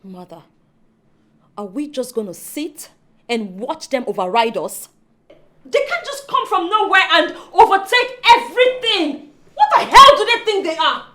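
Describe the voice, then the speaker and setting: An actress with a Nigerian accent playing an impatient, entitled young royal who speaks in agitated exclamations. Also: female voice, sits high, very animated, measured pace, sharp tone, heavily acted. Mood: indignant. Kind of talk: film acting.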